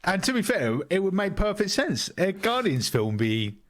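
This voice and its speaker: High, swooping playful man. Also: sing-song, normal speed. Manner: playful, laughing, banter. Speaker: podcast co-host. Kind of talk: casual chat.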